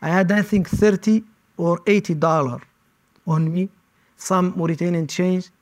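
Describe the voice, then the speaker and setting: High-voiced man giving halting testimony. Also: fairly even intonation. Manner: halting, speaks in short broken phrases. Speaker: interviewee recounting detention. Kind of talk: personal testimony.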